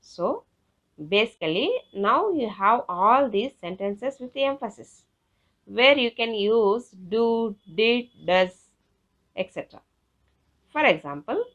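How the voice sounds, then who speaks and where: A woman teacher with an Indian English accent, explaining a classroom lesson slowly and carefully. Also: a little high, expressive, a bit bright. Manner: slow, careful, instructive. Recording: dull lo-fi recording.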